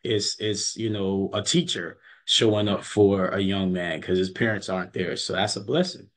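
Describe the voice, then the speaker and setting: A man's voice: low-pitched, steady tone, normal speed, a bit bright. A man who coaches basketball, telling stories in a casual interview, earnest and often repeating his words as he goes.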